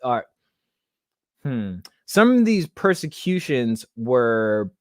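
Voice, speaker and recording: Young guy w/ rambling on his podcast, kinda emotional, dry close sound, mid pitch. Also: big pitch swings, takes it slowly, no echo. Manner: rambling, many restarts and fillers; emotional, holding back tears. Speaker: podcast host. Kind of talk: casual monologue.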